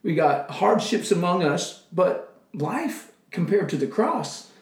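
A man's voice: sits high, lively intonation, takes it slowly, reverberant. A man sharing an emotional missionary testimony in casual conversation, acting out his own prayers. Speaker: missionary guest.

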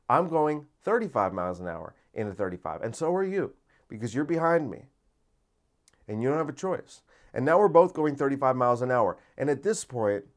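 A man hosting a podcast, telling a story in a casual, profane monologue that gets loud and giddy. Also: mid-range voice. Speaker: podcast host.

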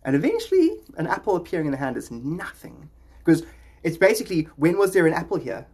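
Husky rambling podcast host, man, jokey and offbeat. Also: a little high, big pitch swings, quick pace, a little mellow. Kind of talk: rambling casual talk.

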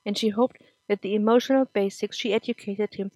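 Woman reading a story podcast, steady and emphatic, mid voice, dry close mic. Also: mid-range voice, a little fast, no echo. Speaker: podcast narrator. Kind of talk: scripted audiobook narration.

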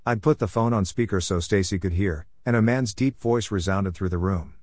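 A man calmly narrating a first-person story in an even storytelling manner. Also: on the low side, moderate pace, dry recording, clean studio sound. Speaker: audiobook narrator.

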